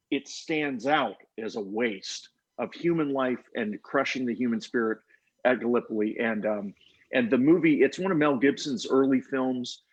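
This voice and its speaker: Husky, hesitant man on a muffled line. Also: medium pitch. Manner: hesitant, soft-spoken, many fillers. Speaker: author on a panel. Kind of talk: casual panel discussion. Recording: dull, muffled video-call audio.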